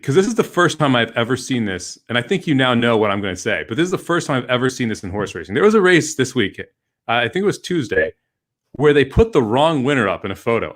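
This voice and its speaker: A man co-hosting a casual podcast, animated and teasing, laughing often. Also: mid-range voice. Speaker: podcast co-host. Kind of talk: casual chat about horse racing.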